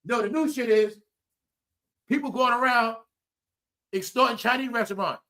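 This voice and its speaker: A man's voice: very high-pitched, moderate pace, pauses often, sharp tone. A man ranting comedically and profanely to his viewers, calling them y'all and preaching his point. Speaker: commentary vlogger.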